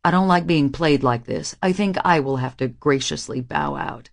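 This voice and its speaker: A woman voicing a guarded young male musician in an audiobook, speaking low, firm and wry. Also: normal speed, vocal fry. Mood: angry.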